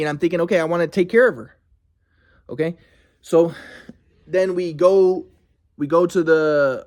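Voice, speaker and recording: A man telling a personal story in a rambling, emphatic, profane way. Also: sits high. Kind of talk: casual storytelling monologue.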